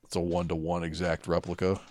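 Podcast co-host, man, very low voice, deadpan and profane, dry close mic. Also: a little fast, no room sound. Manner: laid-back, profane, deadpan asides. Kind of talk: casual chat.

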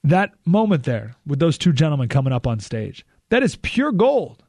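An American man hosting a talk radio show, delivering a lively monologue with sudden loud and hushed emphasis. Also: on the high side, normal speed, no room sound. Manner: animated, swings between loud and hushed emphasis.

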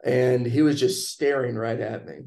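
A man casually telling a personal story in conversation, relaxed and chatty, acting out what people said. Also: medium pitch, normal speed, creaky. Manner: relaxed, chatty, acts out quoted lines.

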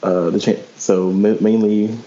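A man guest-hosts a casual podcast in a very low voice. He talks hesitantly, often restarting his sentences. The sound is dull and lo-fi. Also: flat delivery, measured pace, mellow. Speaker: guest co-host.

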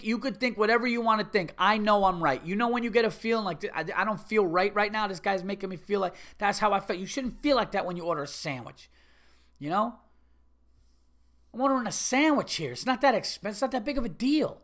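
A man's voice: sits high, lively intonation, brisk, a bit bright. A man hosting a podcast, telling a story as a profane, exasperated rant and acting out both sides of a conversation. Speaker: podcast host.

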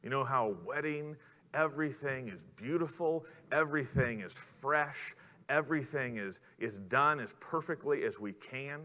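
A man's voice: mid-range voice, moderate pace, pushed and bright. A man preaching a sermon in an earnest way, putting questions to the congregation. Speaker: pastor. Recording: long hall reverb.

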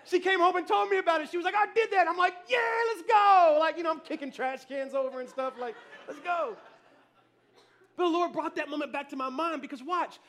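A male pastor preaching a sermon, telling family stories with animated energy, shouting cheers and then dropping soft. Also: very high-pitched, fast talker, few pauses.

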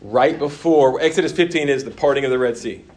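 A man teaching a church Bible course, talking with his class and often dropping to a quiet, emphatic tone. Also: medium pitch, a little fast. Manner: conversational, answers class comments, drops to quiet emphasis.

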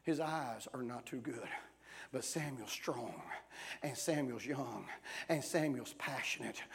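A pastor in his forties preaching a sermon, swinging between hushed talk and shouting, with many "uh" fillers between phrases. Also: medium pitch, unhurried, vocal fry, breathy edge. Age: 40s.

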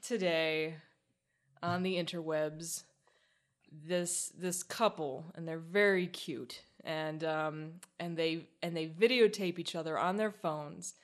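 A woman co-hosting a podcast, telling stories in a casual, animated way and acting out what people said. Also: deep voice, takes it slowly. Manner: animated storyteller, acts out quotes. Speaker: podcast co-host. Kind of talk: casual chat.

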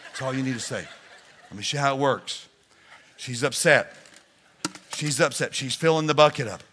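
A man's voice: mid-range voice, moderate pace, pauses often, a bit bright. A male pastor preaching a sermon, addressing the congregation directly in a playful coaching manner.

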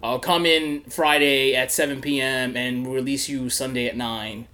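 A man's voice: medium pitch, fairly even intonation, a little slow, pushed and bright. A young man hosting a podcast, telling a story in casual chat, laughing often and swearing freely. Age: young adult. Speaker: podcast host.

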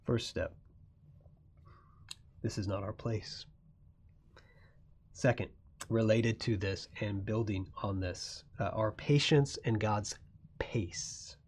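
A man preaching a sermon who moves between quiet, dropping phrases and loud, emphatic lines. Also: slow pace, long pauses. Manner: swings from soft, low asides to loud, rising emphasis. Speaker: pastor.

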